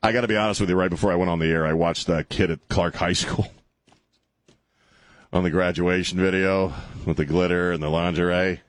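A man's voice: low-pitched, fairly even intonation, normal speed, dry recording. A male talk radio host ranting and mocking on a call-in show, laughing at his own jokes. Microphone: studio microphone.

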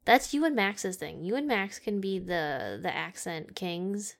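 A woman co-hosting a podcast in casual chat, wry and teasing in a deadpan way. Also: mid-range voice, unhurried, vocal fry. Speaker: podcast co-host.

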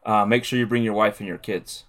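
Animated man telling stories. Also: on the low side, a little fast. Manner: animated storyteller, acts out quotes. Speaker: dog trainer. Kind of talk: casual chat.

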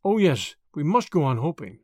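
A man reading the part of a grave, kindly older lawyer who speaks in a measured way. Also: a little high, big pitch swings, darkish tone, no echo, clean studio sound. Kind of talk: audiobook character reading.

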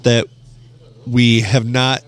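A man's voice: mid-range voice, flat delivery, very slow. A man co-hosting a podcast, teasing his friends with profane jokes in casual chat. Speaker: podcast co-host. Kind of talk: crude casual banter.

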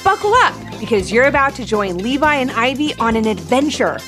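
A woman's voice: on the high side, big pitch swings, fairly quick, over music. Bubbly sing-song woman storyteller. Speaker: storyteller host. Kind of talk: children's story narration.

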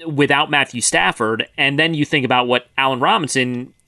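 Bright-voiced male football podcast co-host. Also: medium pitch, normal speed, no echo, studio quality. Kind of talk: casual sports podcast chat.

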